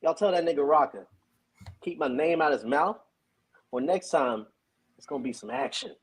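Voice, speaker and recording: A man's voice: fairly high pitch, lively intonation, moderate pace, slightly rough. A man guest delivering taunting, threatening wrestling-style trash talk.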